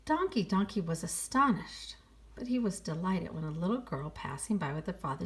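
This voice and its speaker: A woman reading a children's picture book aloud, playful and expressive, sighing and exclaiming along with the story. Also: on the low side, normal speed.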